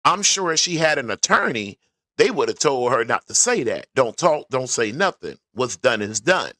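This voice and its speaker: A man's voice: mid-range voice, very animated, moderate pace, bright, forceful tone, dry recording. A man talking casually to his viewers, rambling through his thoughts. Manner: conversational, rambling, talks to viewers. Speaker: vlogger. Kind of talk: casual commentary while driving to work. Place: garage.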